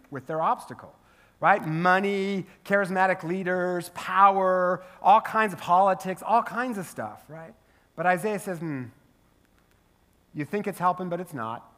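High-voiced man preaching a sermon. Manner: storytelling, animated, asks the crowd "right?". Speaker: pastor. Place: church sanctuary.

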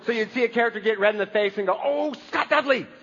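A man's voice: high-pitched, flat delivery, racing, fairly bright tone, big-room sound, dull audio, slight background noise. A man preaching a conversational sermon as a pastor, with wry humor.

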